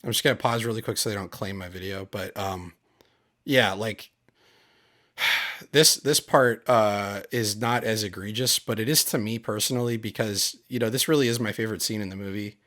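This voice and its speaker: Man with a low voice, casual aggrieved commentary, keeps hammering his point. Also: moderate pace, sharp tone. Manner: aggrieved, emphatic, repeats himself. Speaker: channel host.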